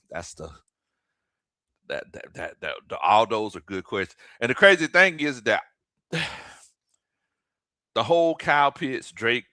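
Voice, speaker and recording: A man, a former football coach hosting a casual sports livestream in a folksy, animated way, shouting out viewers by name. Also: medium pitch, dry recording.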